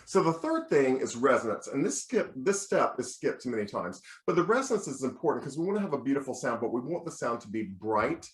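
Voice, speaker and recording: An American man lectures on choral teaching, his voice sitting at an ordinary middle pitch. He explains methods point by point, often restarting mid-word. The sound carries a noticeable room echo. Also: very animated, a little fast, hardly any pauses. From United States. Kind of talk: lecture on children's choir teaching. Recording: roomy echo.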